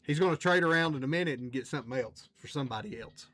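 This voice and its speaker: A man's voice: on the high side, very fast, fairly bright tone. A man hosting a trading card break livestream, chatting casually with viewers and reading out the cards he pulls. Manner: chatty, reads out cards and talks to chat.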